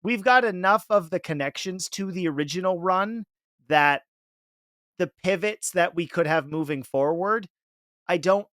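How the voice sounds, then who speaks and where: Male podcast host, slightly high voice, rambly, dry close sound. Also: a little slow, fairly bright tone, no echo. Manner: rambling, searching for words. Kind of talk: casual podcast discussion.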